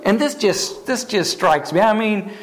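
A man with a very high voice preaches a sermon, retelling a story and pausing to question his listeners. He speaks expressively at a measured pace, often repeating words, with slight background noise.

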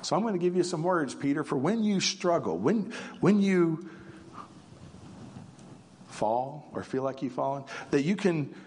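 A preacher speaking as a calm, reassuring Jesus. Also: male voice, on the high side, measured pace, long pauses, a little hiss or hum. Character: Jesus, calm knowing teacher, grown man.

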